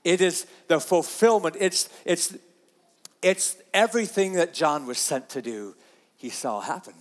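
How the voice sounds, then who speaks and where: A man's voice: fairly high pitch, a little slow, long reverb tail. A man preaching a sermon, earnest and repeating himself, reading scripture aloud. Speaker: pastor.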